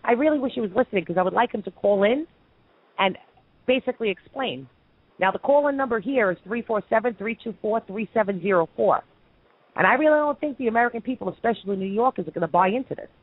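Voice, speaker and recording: A woman's voice: a little high, lively intonation, fast talker, husky, dry recording, narrow, tinny audio. A woman from Brooklyn hosting a call-in radio show, ranting with heated opinions. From Brooklyn, New York.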